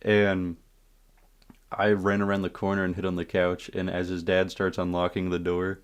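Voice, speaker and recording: A man with a very low voice tells a story time tale in a loose, casual way. He swears freely, acts out the moments with energy and breaks off to speak to his viewers. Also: normal speed, smooth. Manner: profane, animated retelling with asides to viewers.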